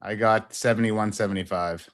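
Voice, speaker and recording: A man's voice: fairly low pitch, steady tone, moderate pace, a bit bright. A man co-hosting a live trading stream, joking with the others and reading out market headlines. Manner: joking, laughs a lot, reads out headlines. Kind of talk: casual trading banter.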